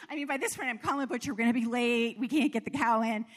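A Southern American woman preaches a sermon very fast, her high voice ringing with a long reverb as if in a large hall. She weaves in earnest personal stories and laughs at herself now and then.

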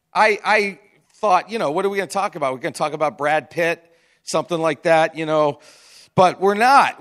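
High-voiced man preaching casually. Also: fairly bright tone. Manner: conversational, chatty preaching with restarts and asides. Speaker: pastor. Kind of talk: sermon.

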